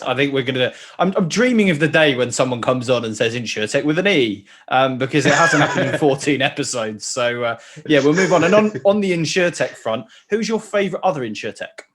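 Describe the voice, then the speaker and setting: A man's voice: medium pitch, fairly bright tone. A man hosting an interview show, playful and teasing, laughing often. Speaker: podcast host.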